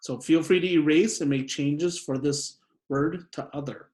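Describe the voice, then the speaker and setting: Slow, clear teacher in an echoey room. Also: male voice, fairly high pitch, a little mellow. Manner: slow, deliberate, repeats each word. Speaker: second grade teacher. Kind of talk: spelling lesson for children.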